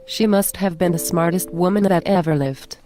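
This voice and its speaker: A woman's voice: on the low side, warm tone, faint music behind, natural voice. A woman playing a chatty, curious granddaughter. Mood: defensive. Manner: chatty and quick to complain. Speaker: schoolgirl granddaughter in a skit. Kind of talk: amateur scripted skit.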